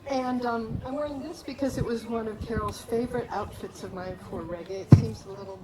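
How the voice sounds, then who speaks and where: A woman telling a lively personal story at a memorial gathering, acting out the people she quotes. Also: fairly high pitch, fairly quick, very noisy. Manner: animated, acts out quoted voices. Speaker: memorial speaker.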